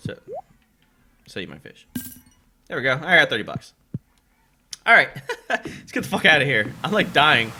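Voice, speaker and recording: A man's voice: a little high, pushed and bright, a little hiss or hum. A man giving rambling, chatty let's play commentary while playing a farming game, with casual swearing. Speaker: gaming channel host. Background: game music.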